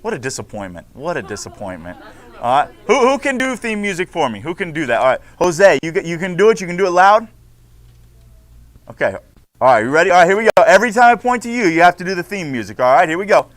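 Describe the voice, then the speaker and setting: Animated male teacher. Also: sits high, fast. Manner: playful, animated, joking with students. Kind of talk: classroom instruction. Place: school classroom.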